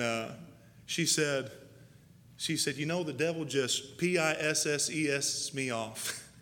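A man's voice: a little high, bright, forceful tone. A man preaching a sermon in a church, folksy and emphatic, laughing at himself now and then. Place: church sanctuary. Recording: hall reverb, faint noise.

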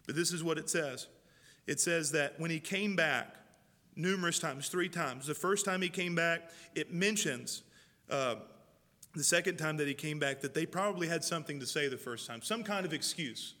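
A male pastor preaching a sermon, moving from loud calls to hushed, prayerful quoting. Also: fairly high pitch, moderate pace. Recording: long reverb of a large hall.

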